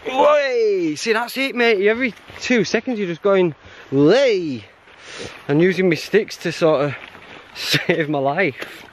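A man's voice: sits high, unhurried. Brief: male hiking vlogger, chatty and self-mocking, faint wind outdoors. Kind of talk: casual vlog narration while hiking. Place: outdoors on a mountain trail. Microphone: handheld camera.

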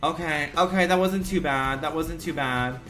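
A man's voice: on the high side, normal speed, pushed and bright, soft background music. A man livestreaming a game with sassy, dramatic, profane self-talk. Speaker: streamer. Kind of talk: live gaming commentary.

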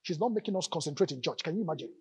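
A male pastor preaching a lively sermon in church, calling out to the congregation and joking between points. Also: fairly high pitch, racing, breathy edge, no echo. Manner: animated preaching with audience call-outs and jokes.

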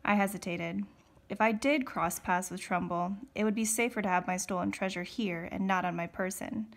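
Here a teacher reads a novel to listeners in a gravelly female voice, medium in pitch and moderate in pace. She keeps things steady but occasionally corrects herself.

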